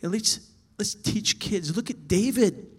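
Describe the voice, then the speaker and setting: A man teaching church workers about children's ministry, animated, swinging from loud emphasis to soft whispers. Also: high-pitched, measured pace, slightly rough.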